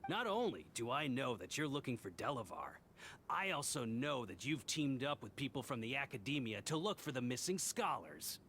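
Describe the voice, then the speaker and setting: An actor playing a sly, mocking male tavern schemer in a game, smooth and taunting. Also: medium pitch, big pitch swings, normal speed, a bit bright, a little hiss or hum. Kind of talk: game voice acting.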